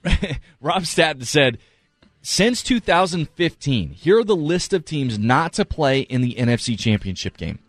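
A man's voice: a little high, very animated, unhurried, dry recording. A man co-hosting a sports talk show, giving earnest, emphatic analysis and repeating his points for stress. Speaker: sports radio co-host.

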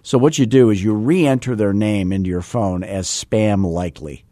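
A man hosting a casual podcast as a sales coach, talking fast and mixing in self-deprecating jokes while he teaches. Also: lowish voice, mellow, no echo. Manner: fast-talking, admits talking too fast. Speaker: real estate sales coach and host.

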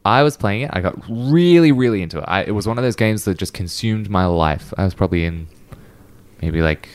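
Deep-voiced joking podcast co-host. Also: male voice, expressive, fairly quick. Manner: storytelling, playful, sarcastic jokes. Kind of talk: casual chat.

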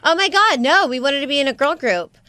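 A woman co-hosting a casual chat show, expressive with quick reactions. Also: high-pitched, dry recording. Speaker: co-host.

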